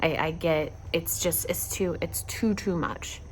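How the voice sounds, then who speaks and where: A woman in her thirties recording a casual video diary outdoors while in pain and tired from surgery, speaking in a reflective, halting way with many fillers and dipping into whispers. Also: lowish voice, slight background noise. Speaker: vlogger recovering from surgery. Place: outdoors in a backyard at sunset.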